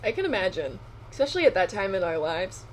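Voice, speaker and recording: A young adult woman co-hosting a podcast, chatting casually with quick asides and frequent laughter. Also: mid-range voice, very animated, a little hiss or hum. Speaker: podcast co-host. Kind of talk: casual chat.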